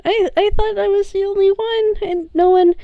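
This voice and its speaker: A woman voicing a shy, emotional male toon cleric with a soft, warm voice who stammers and repeats his words. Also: high voice, sing-song, takes it slowly, no room sound, narrow, tinny audio, exaggerated voice. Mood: tearful joy. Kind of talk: tabletop role-play.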